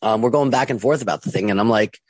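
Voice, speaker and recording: A young man telling his own story casually, halting with many ums and restarts and acting out what others said. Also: on the low side, a little mellow, no room sound. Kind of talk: casual first-person storytelling.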